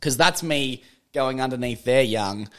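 A young man, co-hosting a podcast and telling a story in a casual, animated way, swearing freely and laughing often. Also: mid-range voice, measured pace. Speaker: podcast co-host. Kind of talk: casual chat.

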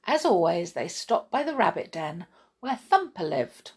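A woman reading a children's story at an unhurried pace, gentle and chatty, pausing to ask little questions. Her voice is husky with a gravelly edge and moves up and down in a lively way. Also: fairly low pitch.

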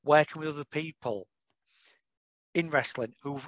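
A man hosting a casual interview, enthusiastic and full of quick affirmations. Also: fairly high pitch, fairly bright tone, highs cut off. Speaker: podcast host.

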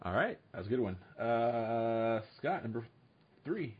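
A man hosting a podcast in casual chat, briskly calling on the others in turn. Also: mid-range voice, sing-song, husky. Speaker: podcast host. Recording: slightly dull recording.

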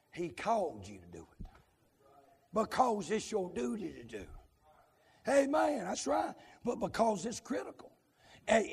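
A man preaching a revival sermon, breaking into shouted, sing-song runs, then dropping to quick asides to the congregation. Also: gravelly, slightly rough, in a large hall. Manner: swings between hollered, sing-song runs and low, rapid asides to the congregation.

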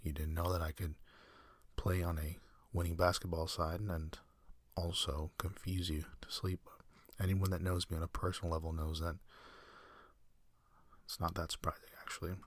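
A man hosting a sleep podcast, talking in a soft, slow, meandering half-whisper with dry self-mocking humor. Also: low-pitched, slightly rough, dry recording. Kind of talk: rambling whispered bedtime monologue.

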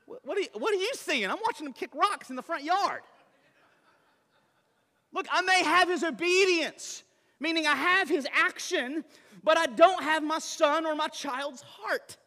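Man pastor, lively sermon delivery with rhetorical questions; high, bright voice ringing in a hall. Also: measured pace. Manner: animated preaching with rhetorical questions and impersonations.

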